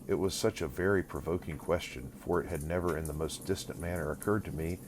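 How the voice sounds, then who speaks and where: A man narrating a classic novel as an audiobook, reading in a measured, even way. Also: sits low, a little hiss or hum, poor audio. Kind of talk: scripted narration.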